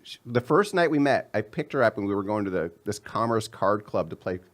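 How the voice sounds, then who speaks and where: A man in his thirties, a comedian guest telling a story in casual chat and acting out the quotes. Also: fairly quick. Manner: animated storyteller, acts out quotes in a higher voice.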